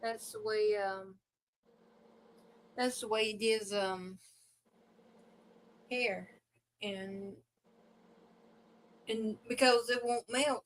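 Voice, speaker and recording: A woman with a fairly high voice chats slowly and casually on a livestream from home. She jokes easily and laughs often. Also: a little hiss or hum, low-quality recording. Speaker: livestream co-host. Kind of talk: casual chat. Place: indoors at home.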